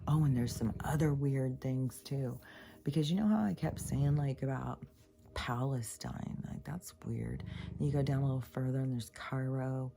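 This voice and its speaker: A woman's voice: a bass voice, normal speed, gravelly, mellow. A woman talking in a casual, rambling monologue, swearing often and mimicking other people as she tells stories. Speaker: spiritual podcaster.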